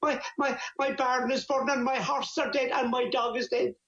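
Irish storyteller doing a high, outraged man reeling from bad news, roomy dull sound. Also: flat delivery, normal speed. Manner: exasperated shouting.

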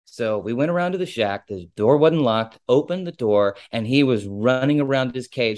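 A ship captain telling a personal story in a casual, digressive and openly emotional way. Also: male voice, mid-range voice, lively intonation, moderate pace, few pauses, darkish tone, no room sound, clean studio sound.

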